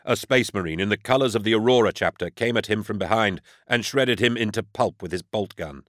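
A man reading a grim first-person audiobook narration in a measured, dramatic way. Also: fairly low pitch, fairly bright tone, dry recording, studio quality.

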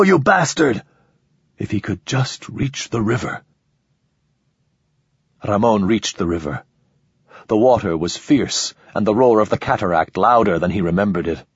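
A man reading a novel aloud in scripted, steady narration. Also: fairly low pitch, husky, no room sound. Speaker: audiobook narrator. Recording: slightly dull lo-fi recording.

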